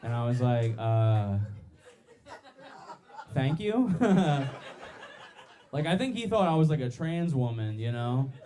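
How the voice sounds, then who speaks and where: A young man doing a stand-up comedy set on a club stage, loud and laughing as he works the crowd. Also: mid-range voice, sing-song, a little slow.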